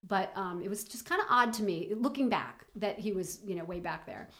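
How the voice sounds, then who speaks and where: A middle-aged woman telling a personal story in an interview, halting with many fillers and restarts. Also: mid-range voice, animated, a bit bright. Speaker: guest.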